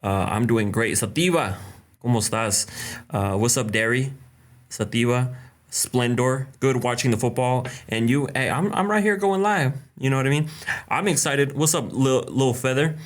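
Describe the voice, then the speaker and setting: A young man chats casually on a live stream, calling out viewers by name one after another. He is relaxed and talkative, at an ordinary middle pitch, and mixes in quick Spanish greetings. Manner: drops in short Spanish greetings. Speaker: live-stream host answering viewer questions.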